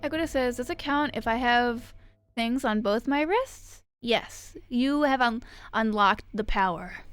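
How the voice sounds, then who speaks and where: While streaming a game, a woman reads chat and talks casually, rambling, swearing, and poking fun at herself. Her voice sits high with a clean tone.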